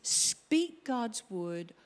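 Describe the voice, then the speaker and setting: A middle-aged woman preaching a sermon, acting out her own exclamations in an animated way. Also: on the high side, very slow. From Australia.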